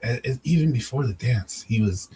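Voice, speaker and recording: A man's voice: medium pitch, animated, brisk, mellow, slight background noise, rough recording. A man co-hosting a casual wrestling chat, mostly chiming in briefly and stammering as he restarts. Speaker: podcast co-host.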